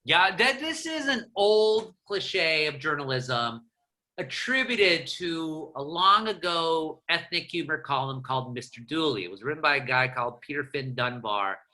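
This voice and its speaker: A man from Southern California, a journalist guest on a podcast, talking in a fast, animated storytelling way. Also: fairly high pitch. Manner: animated, rapid storytelling with restarts. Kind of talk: casual interview chat.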